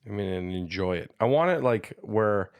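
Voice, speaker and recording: A man in his thirties, a comedian guest telling stories in lively, casual podcast chat and often checking in with "you know what I mean.". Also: fairly low pitch, normal speed, clean tone, no room sound. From Canada, Ontario. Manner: animated storyteller who slips into voices, says "you know what I mean" often.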